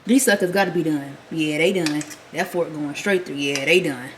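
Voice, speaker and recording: A woman's voice: sits low, normal speed, a little hiss or hum. A pregnant woman vlogging as she cooks in her kitchen, chatting casually and calling her viewers "girl" and "y'all.". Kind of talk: casual chat while cooking. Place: home kitchen.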